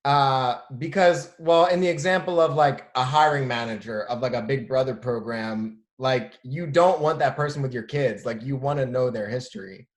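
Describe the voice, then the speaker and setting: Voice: mid-range voice, normal speed, hardly any pauses, echoey room. A comedy student talking hesitantly in casual chat.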